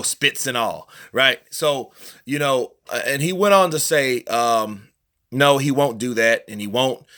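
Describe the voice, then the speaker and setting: A man's voice: on the low side, bright, forceful tone. A man hosting a boxing news channel, commenting in a rambling, conversational way with many fillers. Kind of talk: casual commentary vlog.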